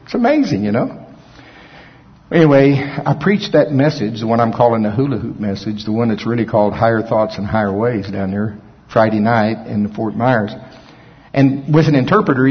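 A man preaching a storytelling sermon and telling folksy, animated anecdotes. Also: lowish voice, big-room sound, lo-fi sound. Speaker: pastor.

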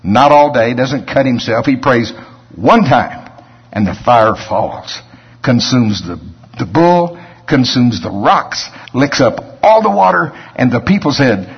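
A man preaches in a relaxed, storytelling way, stepping aside to talk straight to his listeners. His mid-pitched voice is husky. The recording sounds dull and lo-fi. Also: slow. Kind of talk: sermon.

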